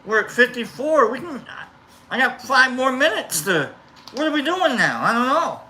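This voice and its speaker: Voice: sits high, very animated, normal speed, pushed and bright, a little hiss or hum. A live-stream host chatting loosely with viewers, rambling with many restarts and fillers.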